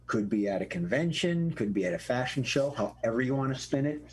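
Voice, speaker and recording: A man's voice: medium pitch, husky. A man hosting a live improv comedy show, explaining the games with playful laughs.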